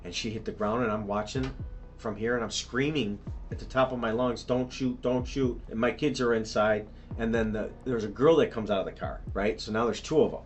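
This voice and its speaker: Brief: middle-aged male witness in a police interview room, lowish voice, retells events in a tumbling, repetitive rush. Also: a little fast, faint music behind. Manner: tumbling, repetitive storytelling with restarts. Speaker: witness being questioned by police.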